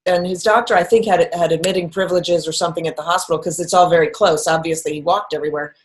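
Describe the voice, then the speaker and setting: A woman's voice: fairly low pitch, quick pace. A middle-aged woman recounting a personal story in conversation, acting out the quoted lines as she goes. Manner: animated, acts out quoted lines. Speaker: guest telling a personal story.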